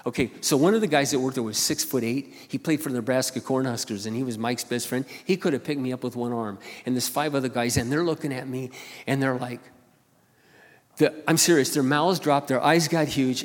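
A middle-aged man preaching a sermon as a pastor, telling stories and building to loud appeals. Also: medium pitch, a little fast, in a large hall. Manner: storytelling, swings to loud preaching.

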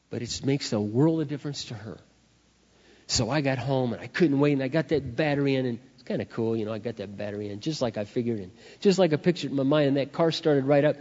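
A man preaching a sermon through personal stories, animated, acting out dialogue and swinging between loud and soft. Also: a little high, a little fast. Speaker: pastor. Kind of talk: sermon with storytelling. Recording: dull recording in a reverberant hall.

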